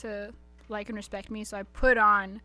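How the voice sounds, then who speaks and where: A woman co-hosting a radio show, chatty and quick to laugh. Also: mid-range voice, level tone, sharp tone, dry recording, faint music behind. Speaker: co-host. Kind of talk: casual podcast chat.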